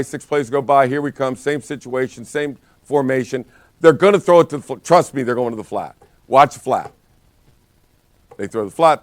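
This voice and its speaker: A man's voice: medium pitch, no room sound. A man teaching a real estate training session, telling stories with lots of energy and frequent restarts. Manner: energetic storytelling with many restarts. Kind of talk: live training talk.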